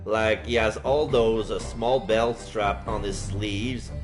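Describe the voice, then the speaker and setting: A man's voice: fairly low pitch, fairly even intonation, slow, over music. A man casually commenting on a game while streaming live, rambling with fillers. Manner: casual, lots of fillers and restarts.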